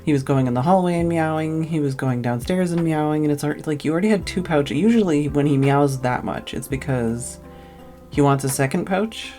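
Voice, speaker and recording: A woman's voice: sits low, normal speed, warm tone, soft background music. A tired woman streamer telling a long, casual story, rambling and full of "like" fillers.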